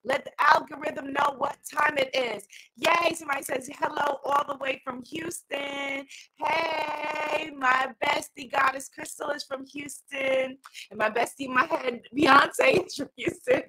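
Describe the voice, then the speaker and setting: A middle-aged woman with a New York accent hosting a weekly inspirational livestream, energetic and sing-song as she greets viewers. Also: high voice, unhurried, rough recording. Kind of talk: upbeat livestream chat.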